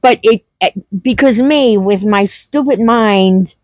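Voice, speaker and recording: A woman's voice: mid-range voice, slow, a little mellow, no echo. A middle-aged woman telling a funny story in a casual vlog, laughing through it and repeating herself. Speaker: homestead vlogger.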